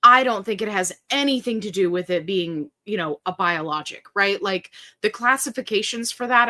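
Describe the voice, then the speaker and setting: A woman hosting a casual live stream, chatting with viewers and reading their comments in a lively, joking way. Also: a little high. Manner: chatty and animated, quick asides and laughs. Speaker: livestream host.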